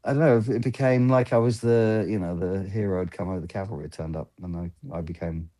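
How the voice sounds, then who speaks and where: Low, mellow-voiced man telling rambling stories. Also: fairly even intonation, fast talker. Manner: rambling anecdotes, acting out quoted exchanges. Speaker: film lighting gaffer, guest. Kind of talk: casual interview storytelling.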